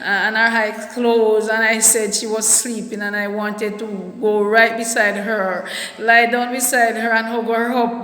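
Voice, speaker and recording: A woman telling a personal story in a halting, soft-spoken way, often repeating her words. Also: on the high side. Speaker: vlogger. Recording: echoey room with long reverb.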